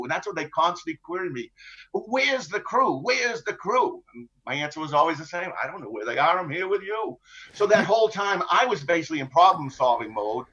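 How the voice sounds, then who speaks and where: An older man, a former ship captain, recounts his story in a podcast interview in a wry, halting way. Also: a little high, a bit bright, highs cut off. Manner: wry, halting, full of restarts and laughs.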